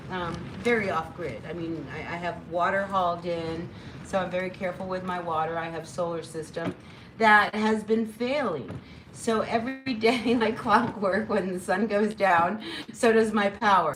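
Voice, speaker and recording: A woman's voice: medium pitch, background noise. A woman giving a casual spoken tarot reading, chatty and encouraging, rambling with lots of fillers. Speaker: tarot reader.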